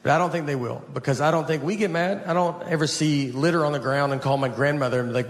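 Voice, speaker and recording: A man in his forties doing a stand-up comedy set on stage, telling stories in a deadpan way and voicing the people in them. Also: on the high side, fast, few pauses. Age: 40s. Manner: deadpan storytelling, quoting people in flat asides. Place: stage before a live audience. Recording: live show with audience noise.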